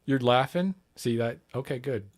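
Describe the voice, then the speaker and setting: A man's voice: medium pitch, normal speed. A man livestreaming, chatting casually and reacting to a film clip, rambling, swearing and repeating lines back. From not Britain. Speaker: livestream host.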